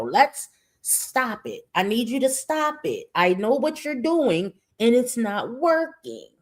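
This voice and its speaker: A woman's voice: mid-range voice, a little mellow. A woman hosting a reaction vlog, blunt, profane and sassy, leaning on catchphrases. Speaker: reaction channel host.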